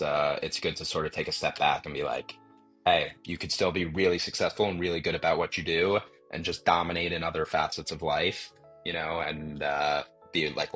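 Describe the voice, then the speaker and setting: A man's voice: very deep voice, fairly bright tone, breathy edge. A man being interviewed as a guest on a podcast, talking casually and rambling with many fillers and restarts. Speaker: podcast guest, marketing entrepreneur.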